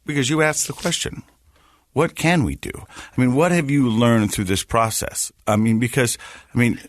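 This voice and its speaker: A man hosting a podcast, asking gentle, empathetic questions with halting restarts. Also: medium pitch, fairly even intonation. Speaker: podcast host. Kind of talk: interview questions.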